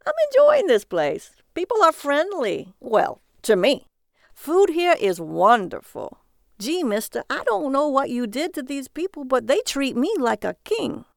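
A woman voicing a chatty, friendly male cab driver who talks loudly and eagerly in a folksy way. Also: high-pitched, very animated, unhurried, vocal fry, no room sound, studio quality, voice pushed up, heavily acted. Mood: cheerful.

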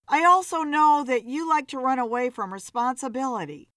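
A woman's voice: sits high, expressive, moderate pace, a bit bright, no room sound, clean studio sound, voice pushed up. A woman voicing a blunt, weary female bartender in an audiobook story.

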